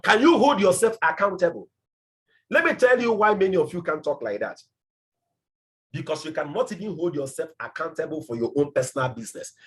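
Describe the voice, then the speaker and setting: A man's voice: high voice, fairly bright tone. A man giving a passionate motivational training talk as a business mentor, emphatic and repeating his points.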